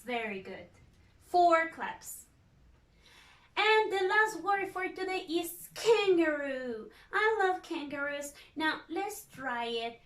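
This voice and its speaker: A woman teaching an English class, sounding words out slowly syllable by syllable and asking her pupils questions in an encouraging way. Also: high-pitched. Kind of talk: recorded class lesson.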